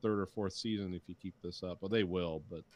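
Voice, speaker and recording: A man's voice: low voice, fairly even intonation, brisk, a little mellow, no room sound. A middle-aged man on a podcast, ranting in casual chat and swearing freely while he mocks what he dislikes. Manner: ranting, profane, mocking quotes. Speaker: podcast co-host.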